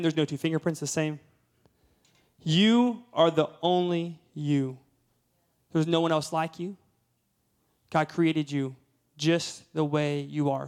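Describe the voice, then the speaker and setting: A man's voice: fairly high pitch, darkish tone. Emphatic storytelling preacher, a man. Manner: storytelling, rising to emphatic peaks. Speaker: guest preacher. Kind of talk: sermon.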